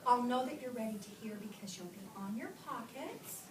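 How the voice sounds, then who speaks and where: Woman teacher, high voice, sing-song and animated with little kids, slow modeled reading; echoey classroom caught from a distant camera with background noise. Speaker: kindergarten teacher. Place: classroom, indoors.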